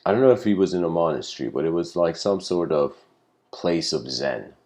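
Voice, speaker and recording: A man's voice: low voice, expressive, a little fast, a little mellow. A man giving an informal spiritual lecture, telling a story in a loose, rambling way that stops to correct itself and is full of fillers.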